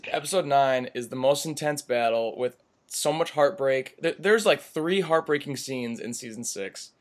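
Excitable young man chatting on a podcast. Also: mid-range voice, moderate pace. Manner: excitable, swears a lot, trails off and restarts. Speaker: podcast co-host. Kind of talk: casual chat. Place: apartment room.

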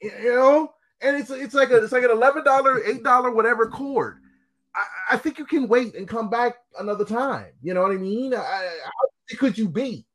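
A man's voice: very high voice, brisk, a bit bright. A man chatting casually and telling blunt, profane stories from his working life. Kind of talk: casual chat.

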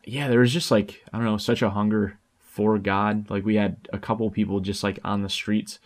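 A man's voice: lowish voice, steady tone, normal speed. A man hosting a podcast, chatting casually and loosely with lots of fillers. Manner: laid-back, filler-heavy talk. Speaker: podcast host. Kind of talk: casual chat.

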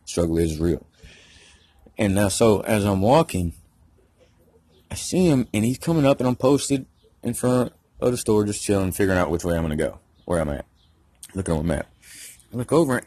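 A man's voice: lowish voice, a little mellow, breathy edge, no room sound. A man from Georgia, rambling through a casual, profane story. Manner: rambling, heavy profanity, slangy.

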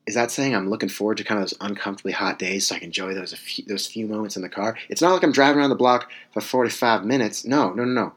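A man's voice: low-pitched, a bit bright, breathy edge. A young man in his twenties from California, giving a rambling, self-correcting comedic monologue with wry asides.

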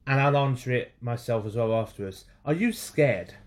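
A man's voice: medium pitch, normal speed. A young man co-hosting a podcast in casual chat, teasing and often repeating himself. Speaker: podcast co-host.

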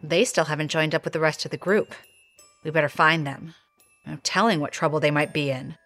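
A woman's voice: low-pitched, steady tone, fairly quick, a bit bright, soft background music. A woman narrating an audio drama in a wry, sardonic voice that swears freely.

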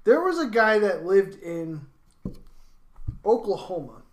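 A man's voice: high voice, big pitch swings, slow, echoey room. A man co-hosting a casual podcast chat, telling stories and giving dry, short answers. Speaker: podcast co-host.

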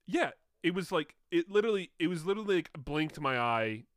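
A young man on a podcast who talks in a lively, swooping way, telling a rambling story with casual swearing and bursts of laughter. His voice sounds smooth and resonant, close to the mic in a dry, dead room. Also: fairly high pitch, fast talker, dry recording. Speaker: podcast co-host. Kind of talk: casual chat.

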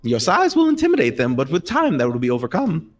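A man voicing a small, friendly dark gray gnome who patiently tends animals, speaking gently in a raised voice. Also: on the high side, wildly swooping pitch, fast, voice pushed up. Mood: kindly.

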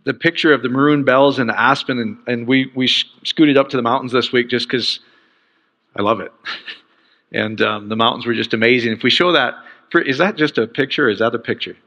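A man's voice: medium pitch, a little fast, pushed and bright. A man preaching a sermon in an enthusiastic, conversational way. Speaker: pastor. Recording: dull sound with long hall reverb.

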